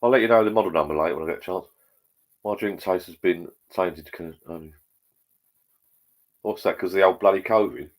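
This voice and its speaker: A man hosting a relaxed livestream, chatting to viewers in a rambling, matey way over drinks at home. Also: deep voice, a little fast, pauses often. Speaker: livestream host. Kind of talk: casual chat with viewers while drinking. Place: at home, indoors.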